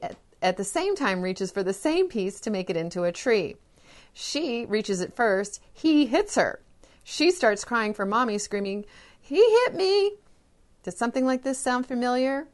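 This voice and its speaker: Woman hosting a parenting podcast. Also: medium pitch. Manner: acts out children's lines in example scenarios. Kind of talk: solo podcast talk.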